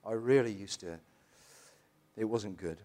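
Halting man giving church testimony. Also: on the low side, darkish tone. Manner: emotional, halting, with frequent restarts. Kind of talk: personal testimony.

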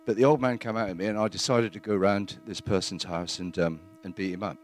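A man's voice: lowish voice, fairly even intonation, soft background music. Earnest man giving church testimony. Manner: earnest, plain-spoken, halting with fillers.

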